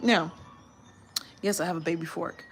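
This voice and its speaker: A woman's voice: lowish voice, fairly even intonation, normal speed, soft background music. A tired woman giving a candid live-stream testimony, telling her story animatedly and using church slang. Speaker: vlogger.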